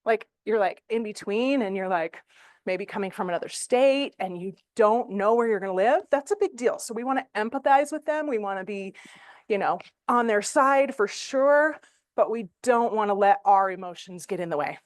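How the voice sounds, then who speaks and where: A middle-aged woman teaching real estate agents in a training room, chatty and animated, with fillers. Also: mid-range voice, moderate pace, dry recording, studio quality. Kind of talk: classroom training talk.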